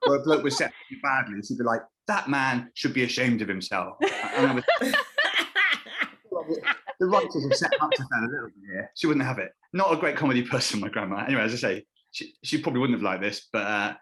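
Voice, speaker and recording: A man telling a comic story at high speed. His pitch swings widely as he keeps interrupting himself and acts out the people he quotes. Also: animated, fast talker, bright, forceful tone. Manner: rambling, self-interrupting anecdote with acted-out quotes. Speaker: comedian and panel guest. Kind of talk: comic storytelling on a live panel.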